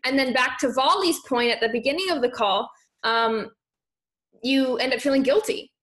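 This is a young woman with a high voice leading a motivational live stream at a moderate pace. She reads viewer comments aloud with energy and encouragement, and the space sounds reverberant.

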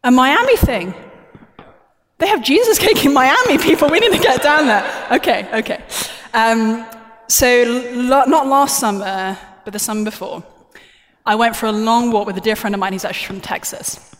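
A woman speaking from a conference stage in a chatty, joking, self-deprecating way. Her voice sits a little high and carries a long reverb from the large hall around her. It is recorded from a stage mic. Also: moderate pace, a bit bright. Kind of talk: plenary talk.

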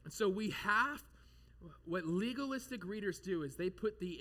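A male pastor preaching an animated sermon, full of jokes and rhetorical questions. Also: sits high, moderate pace.

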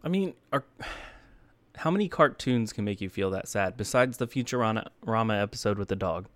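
Young male co-host, slightly low voice, deadpan banter, dry recording. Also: moderate pace, no echo. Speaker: podcast co-host. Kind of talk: casual chat.

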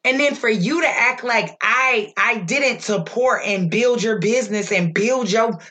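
Bright-voiced blunt woman. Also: fairly high pitch, unhurried. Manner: blunt and profane, animated storytelling. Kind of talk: candid casual chat.

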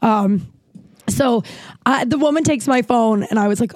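Rambling podcast host, mellow dry voice. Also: mid-range voice, brisk, dry recording. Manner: rambling, many restarts and filler "like"; casual, swears freely. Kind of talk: casual storytelling monologue.

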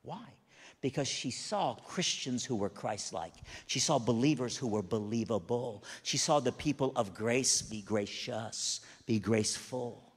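A man's voice: medium pitch, a little slow, husky. A man preaching, telling a story with animation and frequent stammered restarts. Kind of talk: sermon storytelling. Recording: long hall reverb.

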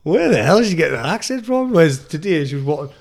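A man's voice: on the high side, sing-song, quick pace, gravelly. Rambling podcast man. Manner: laughs often, swears casually, rambling. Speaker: podcast co-host. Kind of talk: casual chat.

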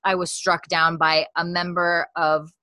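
A woman's voice: fairly low pitch, flat delivery, a little slow, bright, forceful tone, dry recording. A woman reading out a cold, formal army captain. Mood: stern. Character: cold scheming English army captain, man.

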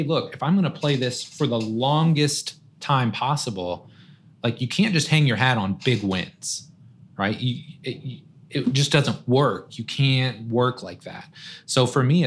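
A man's voice: medium pitch, slight background noise. A man, a guest on a podcast, talking in a casual, conversational way and often tossing in "man" and "right?". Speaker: guest, strength coach.

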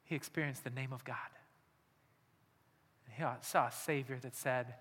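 Male pastor, high bright voice, sermon delivery swinging between hushed and urgent, long church-hall reverb. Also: steady tone, normal speed. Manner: swings from hushed intimate asides to loud urgent appeals.

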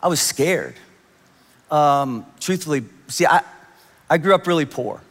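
A man in his thirties preaching a sermon, telling his own story with animated quoted voices. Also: on the high side, measured pace. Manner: animated storytelling, quoting others in raised voices. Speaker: pastor. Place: large church hall. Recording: long hall reverb.

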